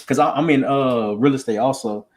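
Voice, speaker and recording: Man, twenties, Southern accent, casual conversation, animated storyteller. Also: medium pitch, moderate pace. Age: 20s. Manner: animated storyteller, repeats words when starting. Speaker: real estate salesman.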